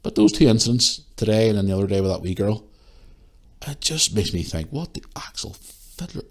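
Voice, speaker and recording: A young man, hosting a podcast and telling a story in an animated, swearing rant. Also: lowish voice, brisk. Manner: animated ranting, swears freely. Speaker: podcast host. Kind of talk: casual storytelling monologue.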